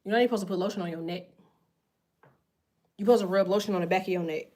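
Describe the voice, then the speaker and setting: A woman's voice: on the low side, steady tone, racing, warm tone. A woman chats loosely with her livestream viewers from under a blanket in bed. Her talk is blunt, profane and full of slang, and she drifts from topic to topic. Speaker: tarot livestream host. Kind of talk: casual livestream chat with viewers. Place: in bed at home.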